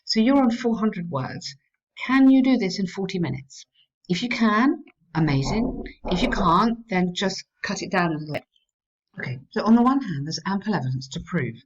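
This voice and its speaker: Encouraging woman tutor, lo-fi sound. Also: fairly low pitch. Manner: encouraging, frequent praise, reads student text aloud. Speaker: English writing tutor. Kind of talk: essay feedback lesson.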